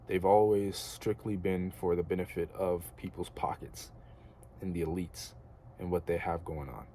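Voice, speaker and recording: Low, mellow-voiced young man rambling earnestly. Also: fairly even intonation, normal speed, a little hiss or hum. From United States. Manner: earnest, rambling, slangy with filler words. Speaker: vlogger. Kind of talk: casual spiritual monologue.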